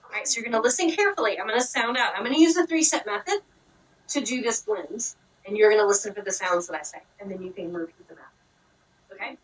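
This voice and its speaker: A woman's voice: medium pitch, lively intonation, quick pace, far from the mic, low-quality recording. A woman with a Southern US accent from Georgia, teaching a child phonics, patiently explaining and praising. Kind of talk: one-on-one reading lesson.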